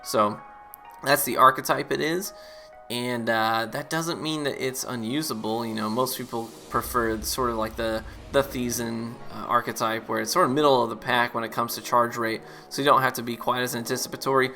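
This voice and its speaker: A man giving relaxed, chatty gameplay commentary as a streamer. He uses lots of fillers and laughs easily. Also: medium pitch, moderate pace, faint music behind. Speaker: gaming YouTuber and streamer.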